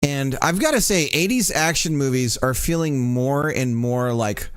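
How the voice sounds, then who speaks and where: Chatty game dev streamer, dry close sound. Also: male voice, medium pitch, animated, unhurried, smooth, dry recording. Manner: rambling, laughing, swearing, self-correcting. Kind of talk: casual live-stream chat while coding.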